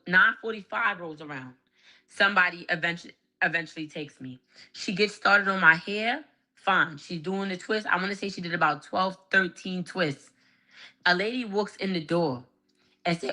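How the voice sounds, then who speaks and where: A woman's voice: lowish voice, moderate pace, pushed and bright. A woman with a Brooklyn accent ranting heatedly about a bad salon visit, with heavy swearing. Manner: heated, profane, livid. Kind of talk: angry storytime rant.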